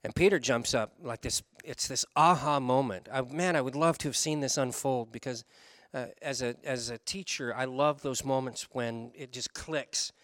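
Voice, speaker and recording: Animated male preacher telling a story. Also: medium pitch, dry recording, clean studio sound. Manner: animated storytelling, shifts between fast runs and slow emphasis. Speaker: pastor. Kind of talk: sermon.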